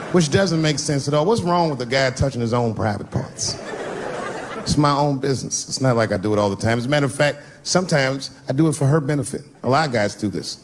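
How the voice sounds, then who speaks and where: A middle-aged man from the United States telling a long stand-up story to a live audience, jumping into high squealing voices for his characters. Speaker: stand-up comedian. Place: large live venue with laughing audience. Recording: noisy live stage recording.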